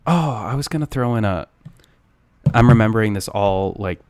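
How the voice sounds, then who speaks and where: A man's voice: on the low side, animated, moderate pace, a little mellow, smooth, dry recording. A young man co-hosting a podcast, teasing his friend in profane, rambling casual banter full of fillers. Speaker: podcast co-host.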